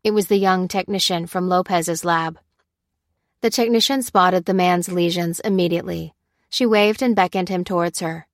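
A woman narrating a story in a steady, even storytelling manner. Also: on the low side, moderate pace, dry recording, clean studio sound. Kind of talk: scripted narration.

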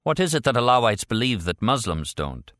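A man's voice: mid-range voice, very animated, fairly quick, fairly bright tone, dry recording, pitched above the performer's own voice. A man voicing a cool, sardonic male operative who speaks dryly and with formal irony. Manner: dry, formal and ironic.

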